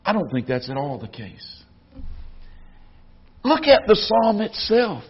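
A man with a high, husky voice preaches a sermon with earnest conviction. His voice swells when he quotes scripture. The recording is dull and lo-fi. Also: big pitch swings, slow pace. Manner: earnest, rising in volume when quoting scripture. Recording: dull lo-fi sound.

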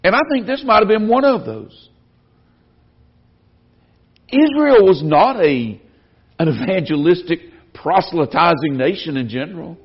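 Earnest high-voiced man preaching. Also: lively intonation, a little slow, long pauses, husky. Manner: earnest, rising in volume when quoting scripture. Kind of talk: sermon. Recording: dull lo-fi sound.

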